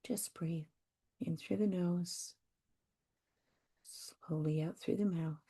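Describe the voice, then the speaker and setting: Soft mellow woman, podcast host, gentle reassuring self-help talk, lowish voice. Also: steady tone, slightly rough. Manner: soft, slow, reassuring, repeats phrases.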